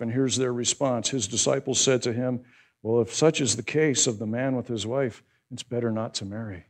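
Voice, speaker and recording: A male pastor giving a conversational sermon that builds into loud, emphatic preaching. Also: medium pitch, fairly even intonation, normal speed.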